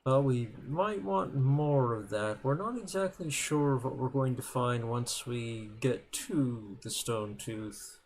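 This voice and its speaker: Gravelly male player, hesitant formal speech, faint noise behind. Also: mid-range voice, slow, hardly any pauses, a little mellow. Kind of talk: in-character tabletop role-play.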